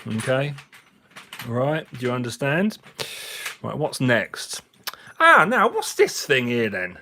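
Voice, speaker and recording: A man's voice: mid-range voice, big pitch swings, takes it slowly, sharp tone, a little hiss or hum. A man, slightly drunk, hosting a casual live chat with viewers, jokey and chatty and laughing often. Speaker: livestream host. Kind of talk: casual live chat while cleaning finds.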